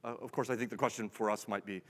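A man's voice: on the low side, fairly even intonation, fast talker, fairly bright tone. A male pastor giving a conversational sermon, asking his listeners rhetorical questions and often repeating words as he restarts. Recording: long reverb of a large hall.

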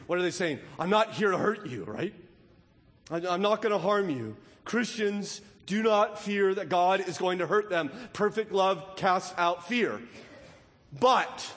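A man delivers a sermon in a reverberant church sanctuary, his voice set high for a man. He preaches with animation, constantly checking in with his listeners with quick questions. The long echo of the hall trails after his words. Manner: animated preaching, asks the crowd many questions. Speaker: pastor.

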